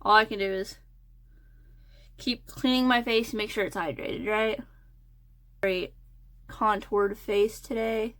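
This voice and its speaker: A woman's voice: medium pitch, steady tone, measured pace, pauses often, fairly bright tone. A young woman talking in a casual, hesitant ramble full of fillers while getting ready. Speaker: crochet and design vlogger.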